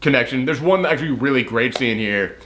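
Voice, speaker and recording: A man's voice: medium pitch, expressive, a little fast, fairly bright tone, slight background noise. A man chatting casually as he reviews a film, rambling with lots of fillers.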